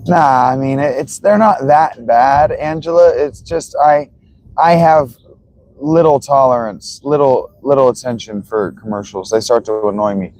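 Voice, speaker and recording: A man's voice: medium pitch, unhurried, a little mellow. A man streaming live as he watches football, chatting casually and greeting viewers by name.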